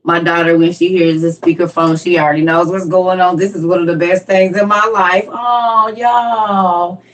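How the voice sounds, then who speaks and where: A woman's voice: lowish voice, little pitch movement, moderate pace. An older woman hosting an online class in a casual live-stream chat, laughing often and talking straight to her audience.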